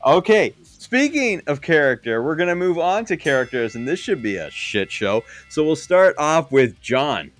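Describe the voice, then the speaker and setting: A man's voice: fairly high pitch, sing-song, normal speed, few pauses, soft background music. Playful male podcast host. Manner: playful, teasing moderator. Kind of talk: casual panel chat.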